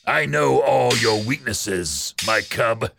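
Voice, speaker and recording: A man's voice: mid-range voice, expressive, gravelly, background noise, heavily acted. A man voicing an older male fox pack leader, cruel and commanding, in a storybook reading. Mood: menacing. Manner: slow, measured menace.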